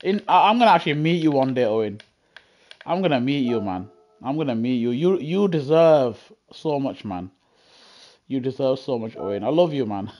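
A man chatting casually on a gaming live stream through a headset, effusive and excitable as he gushes at his viewers. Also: medium pitch, normal speed. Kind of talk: casual live-stream chat while racing.

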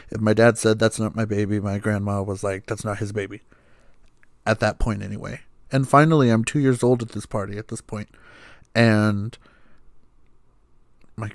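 A young man rambles through a personal story as a podcast host. His voice sits fairly low, and he leans on fillers and casual swearing. The recording is dry and close to the mic. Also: a little mellow, no room sound. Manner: rambling, many fillers, swears, laughs while telling.

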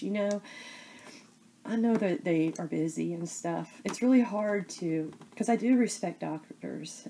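A woman chatting casually to camera as a crafting vlogger, rambling and halting with many fillers. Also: lowish voice, gravelly, dark tone, slight background noise.

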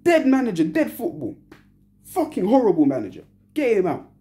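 Angry young woman ranting after a match, swearing a lot, pitch jumping all over. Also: wildly swooping pitch, moderate pace, mellow. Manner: furious, profane, repeats short phrases. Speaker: football fan giving a match reaction. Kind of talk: angry post-match rant.

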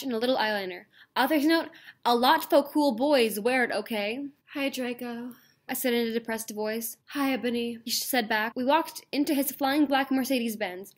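A young woman reading a fanfic aloud in a comic, mock-earnest deadpan. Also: a little high. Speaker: channel host. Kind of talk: comedic dramatic reading of a fanfic.

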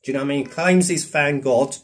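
A man's voice: a little high, brisk. A man, ranting and rambling in a vlog, swearing often and keeping a conversational, repetitive flow. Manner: profane, rambling, keeps asking "do you know what I mean". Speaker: vlogger. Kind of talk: ranting commentary.

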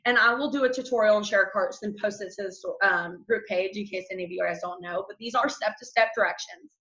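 A woman's voice: mid-range voice, fast, sharp tone. A young woman coaching her team on a group call, peppy and chatty, full of "like" and "y'all.". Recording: echoey room, dull lo-fi sound.

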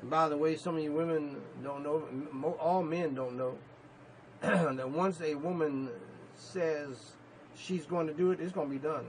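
A male pastor preaching a sermon, emphatic, repeating himself and rising to sudden loud peaks. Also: on the high side, fairly even intonation, a little slow, a little hiss or hum, low-quality recording.

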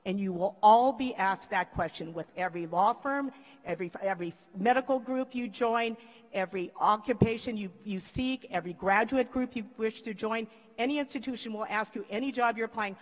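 An older woman from the Philippines giving a commencement speech, telling a lively story and acting out the voices of the people in it. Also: mid-range voice, a little fast. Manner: lively, acts out quoted voices. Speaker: commencement speaker. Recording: long hall reverb.

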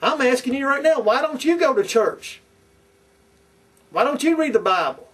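A man's voice: extremely high pitch, animated, normal speed, a bit bright. A man preaching as a pastor, fiery and confrontational, repeating his points. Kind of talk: sermon. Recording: distant from the mic.

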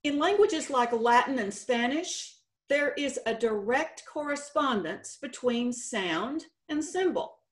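Slow, deliberate Texan woman presenter. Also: high-pitched, lively intonation. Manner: slow, deliberate, explanatory, stretches out example words. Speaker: state contest director presenting. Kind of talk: conference presentation with slides. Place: conference session room.

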